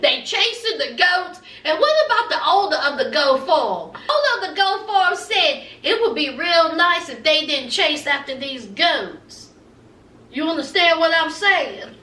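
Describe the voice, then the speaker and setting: A woman vlogger delivers a sassy, laughing recap of a TV show, calling her viewers "honey." Her high voice is bright and forceful, with lively intonation and a measured pace. She sits away from the mic in an echoey room.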